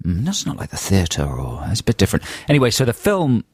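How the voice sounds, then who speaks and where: A man's voice: fairly low pitch, wildly swooping pitch, fast talker, a little mellow, breathy edge, no echo, clean studio sound. An English man co-hosting a radio show, telling a long, self-mocking story in casual banter with his co-host. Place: radio studio. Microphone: studio microphone.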